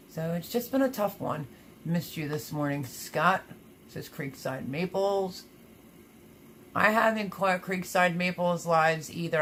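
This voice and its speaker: A chatty woman with a low, slightly bright voice hosts a casual livestream, laughing often and reading viewer comments aloud. There's a little background noise.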